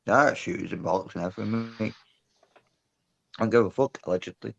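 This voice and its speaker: A man's voice: on the low side, fast, creaky, breathy edge, no echo, muffled recording. A man with a put-on Scottish accent in a heated voice chat argument, brash and rambling and swearing constantly. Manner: brash, swearing, rambling, says mate and lad. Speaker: guest in a voice chat.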